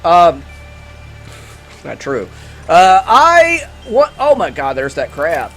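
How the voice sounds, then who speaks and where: A man with a high voice hosts a gaming channel, giving let's play commentary alongside a movie review. His pitch swings widely as he jokes with his viewers and gets excited over the game, with faint music playing behind him. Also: slow pace. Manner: jokey and excitable, talks to viewers directly.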